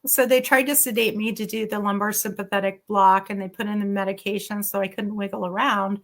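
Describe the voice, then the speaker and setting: A woman's voice: medium pitch, brisk. A middle-aged woman, a physician and former patient, candidly telling her own story as a guest in an interview. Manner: candid, animated storytelling with quoted dialogue.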